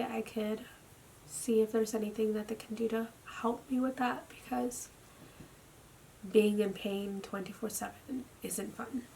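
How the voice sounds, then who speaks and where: Slow, weary woman musing half-whispered. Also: fairly high pitch, creaky, slight background noise. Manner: slow, halting, with frequent "like" fillers and soft, near-whispered stretches. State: tired and drained. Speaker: vlogger. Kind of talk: personal video diary. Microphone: camera mic.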